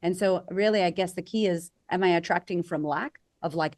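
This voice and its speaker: A woman coaching as a podcast guest, energetic and conversational, acting out quoted voices for emphasis. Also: on the low side, normal speed, few pauses. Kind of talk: conversational interview.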